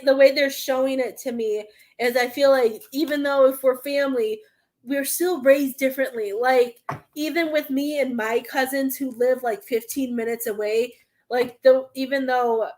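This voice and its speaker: A young adult woman giving a live tarot reading, earnest and rambling, often close to tears, with many fillers. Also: sits high. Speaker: tarot card reader.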